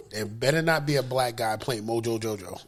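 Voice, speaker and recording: A man's voice: medium pitch, normal speed, fairly bright tone. A man co-hosting a podcast in casual chat, joking and teasing the others.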